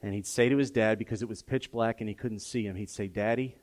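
A pastor preaches to a live congregation in an openly emotional, personal way, rising from soft, intimate tones to loud, impassioned emphasis. His voice is fairly low and steady in tone, and he talks fast.

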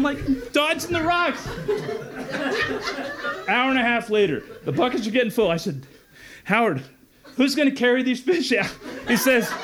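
Animated high-voiced male storyteller. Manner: animated, punchy, acts out voices. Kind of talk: live comedic storytelling. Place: festival stage before an audience.

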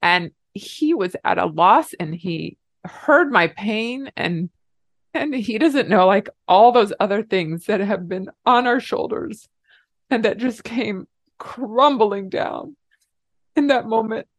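A middle-aged woman, a podcast co-host, telling a personal story in an emotional, animated way. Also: medium pitch, slow, dry recording, studio quality. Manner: emotional, animated retelling with laughs.

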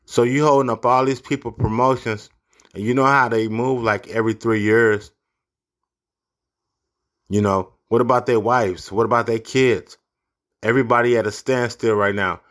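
A man's voice: medium pitch, fairly even intonation, normal speed, fairly bright tone. A man ranting angrily about politics, profane and blunt. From United States. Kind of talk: angry political rant.

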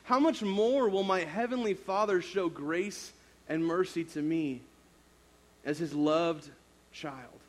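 A man's voice: on the high side, slow. A man in his thirties, a youth pastor, preaching a sermon through a casual personal story full of fillers.

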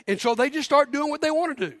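A man's voice: very high-pitched, lively intonation, fast, a bit bright, studio quality. A man preaching a sermon as pastor, emphatic, leading the congregation in call-and-response. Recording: long hall reverb.

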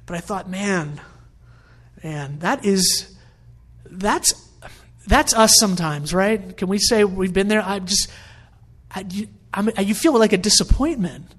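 A man's voice: sits high, a little slow, pauses often, a bit bright, husky. Conversational male preacher. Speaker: pastor. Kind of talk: sermon.

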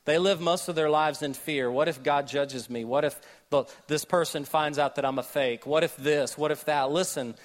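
A man preaching a sermon with a Southern US accent, joking with the congregation, then dropping to a hushed, slow delivery. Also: fairly high pitch. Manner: animated, jokey asides, shifts between loud and hushed delivery. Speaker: pastor.

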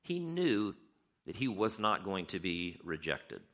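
A middle-aged man preaching a sermon in a conversational way, lively when he tells stories. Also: low-pitched, a little slow. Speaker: pastor.

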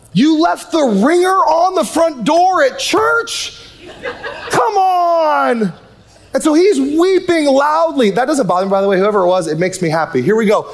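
A man preaching a sermon in a church, animated and joking, his voice swinging from loud to soft and intimate. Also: extremely high pitch, vocal fry. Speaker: pastor. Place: church sanctuary.

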